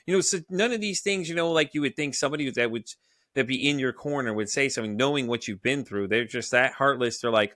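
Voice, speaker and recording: A male podcast host who talks quickly and in a casual, animated way. His voice is bright and forceful, and the sound is dry and close with no room echo. He acts out the people in his stories. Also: mid-range voice. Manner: animated storyteller, acts out quoted dialogue. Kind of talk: casual interview chat.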